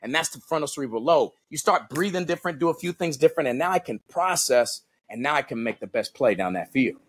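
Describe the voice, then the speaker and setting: A man's voice: medium pitch, fast, breathy edge. A man who is a guest on a podcast and works as a combat coach, talking casually and acting out quoted lines as he tells stories. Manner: animated storyteller, acts out quotes, peppers talk with "right?" and "bro".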